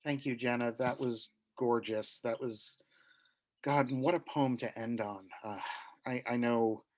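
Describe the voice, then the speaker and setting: Man host of a poetry reading, mid-pitched, halting. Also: steady tone. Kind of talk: hosting a reading.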